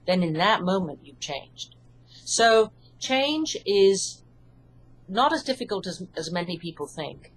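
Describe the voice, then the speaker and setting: A woman with an English accent, an author and hypnotherapist, calmly explaining her ideas in an interview. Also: on the low side, unhurried, breathy edge, rough recording. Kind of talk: interview answers.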